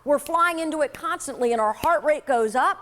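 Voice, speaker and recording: A woman giving a motivational sales talk to an audience, telling a lively personal story in a conversational way. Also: high voice, a little fast. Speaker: sales trainer.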